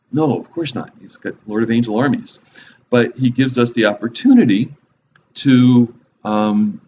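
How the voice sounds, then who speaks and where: A man's voice: mid-range voice, darkish tone. A man giving a casual, conversational Bible lesson with a wry, joking manner, on a slightly dull recording with faint hiss. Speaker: Bible teacher.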